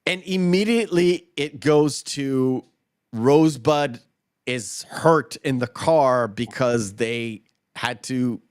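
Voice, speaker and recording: A man's voice: mid-range voice, takes it slowly, clean tone, dry recording, studio quality. A man co-hosting a casual movie podcast, recapping scenes in a rambling way with lots of fillers. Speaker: podcast co-host.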